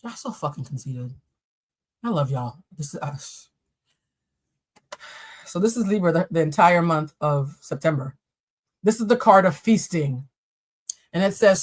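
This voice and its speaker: A woman's voice: deep voice, animated, measured pace, long pauses. A young woman reading tarot on a live stream, chatting to viewers with casual, profane jokes and asides. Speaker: tarot reader.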